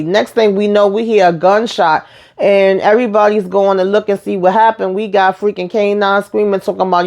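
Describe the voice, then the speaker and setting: A woman's voice: medium pitch, normal speed. A woman giving a casual, chatty recap of a TV episode, retelling scenes with asides and acting out the lines. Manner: chatty, animated retelling with asides and acted-out quotes. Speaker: recap host.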